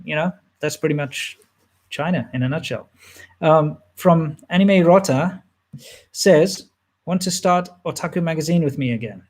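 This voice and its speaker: A man in his thirties talks loosely through a list of viewer questions, trailing off and restarting as he goes. His voice sits a touch on the higher side, and the whole thing has an easygoing, unscripted feel. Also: normal speed. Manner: relaxed, rambling, frequent fillers and restarts. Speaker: channel host answering viewer questions. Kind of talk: casual livestream Q&A chat.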